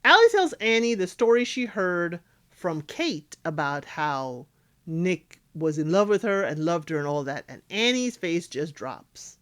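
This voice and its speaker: A woman's voice: on the low side, big pitch swings, a little slow, a bit bright. A woman giving casual recap commentary on a reality dating show, acting out cast members' lines as she talks.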